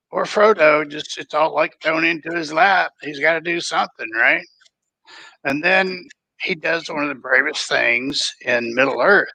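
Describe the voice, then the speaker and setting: A man's voice: a little high, gravelly, bright, forceful tone, no echo, rough recording. A man in a loose, folksy casual book chat, rambling and restarting his sentences. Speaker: podcast co-host.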